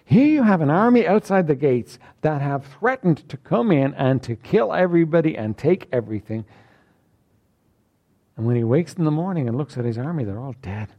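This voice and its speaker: A man's voice: very animated, normal speed. Man preaching over dull lo-fi sound. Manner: reads King James scripture then paraphrases it in plain talk; preaching, rising high and emphatic at points. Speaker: pastor. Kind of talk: sermon.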